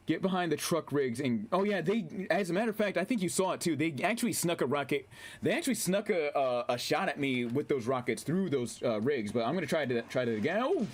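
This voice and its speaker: A man with a slightly high voice casually commentates his gameplay on a stream. He's excitable, swears, laughs, and reads the chat aloud.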